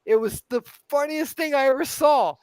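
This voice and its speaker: A man in casual chat, telling stories with animated, acted-out quotes. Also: normal speed, dry recording, poor audio. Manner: animated storyteller, jumps high acting out quotes.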